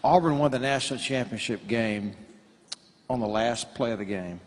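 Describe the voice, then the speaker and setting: A man's voice: mid-range voice, normal speed. A man, leading an onstage interview with easygoing prompts. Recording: long hall reverb.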